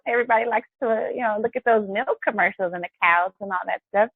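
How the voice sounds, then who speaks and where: A chatty woman hosts a live wellness show, cheering her viewers on and calling them guys. Her voice sits at a middle pitch and sounds dry and close. The audio has a thin, phone-like quality. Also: quick pace, breathy edge, no echo. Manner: chatty and encouraging, often addresses viewers as guys. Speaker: host of a health and wellness show. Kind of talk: upbeat live-stream talk.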